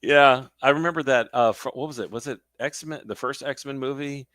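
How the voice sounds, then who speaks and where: A man's voice: mid-range voice, normal speed, a bit bright, no room sound, studio quality. A young man who laughs often and acts out movie scenes while chatting casually as a podcast co-host. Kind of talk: casual chat about movies.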